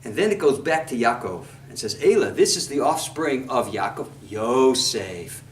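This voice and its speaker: A man giving a sermon as a rabbi, telling a story with lively emphasis and quoting Hebrew texts. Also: medium pitch, moderate pace. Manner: animated storytelling, mixes Hebrew quotes and English. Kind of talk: sermon on scripture. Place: congregation hall. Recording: echoey room, mic far off.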